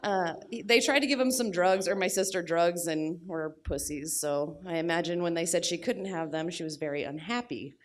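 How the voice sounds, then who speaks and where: A young adult woman telling a personal story at a live storytelling event, blunt and crude with deadpan humor. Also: fairly low pitch, moderate pace, few pauses, a little hiss or hum.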